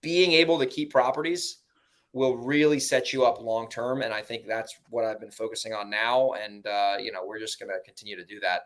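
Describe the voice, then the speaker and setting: A man with a New York accent in a loose, casual podcast conversation, mid-pitched and animated. He swears freely and breaks into high mocking voices to act out the people in his stories. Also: brisk. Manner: casual and profane. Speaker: real estate investor guest.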